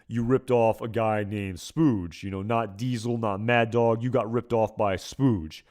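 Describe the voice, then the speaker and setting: An exasperated young dealer, played briefly by a man, talking slowly and loudly with heavy emphasis. He sounds mocking and fed up, and his voice stays low. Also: fairly even intonation, lightly acted.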